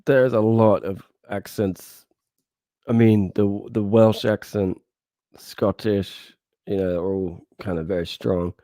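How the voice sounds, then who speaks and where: Co-host, man with a South East London accent: low, mellow, dry close-mic sound, easygoing chatter. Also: steady tone, takes it slowly, no room sound. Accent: South East London English. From South East London, England. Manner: chatty, laughs easily, reads comments aloud. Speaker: podcast co-host. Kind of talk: casual chat reading viewer comments.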